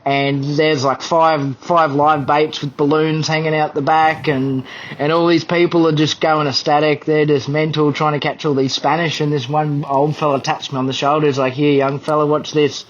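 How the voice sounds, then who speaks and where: A young man, a podcast guest, telling a fishing story in an animated, self-deprecating way. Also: a little high, moderate pace, dull audio. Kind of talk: casual storytelling.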